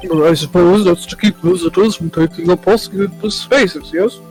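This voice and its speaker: A woman's voice: fairly low pitch, a little mellow, soft background music, lightly acted, low-quality recording. A woman voicing a formal old male judge with a big beard in a game read-through. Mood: stern. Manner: formal, slow courtroom speech.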